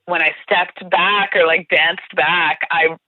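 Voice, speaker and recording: A woman's voice: lowish voice, steady tone, slow pace, no echo. A giggly young woman joins the chat as a guest, talking casually. Her voice comes through a thin, tinny phone line with a dry, close sound. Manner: giggly, chatty. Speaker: podcast guest, tour guide.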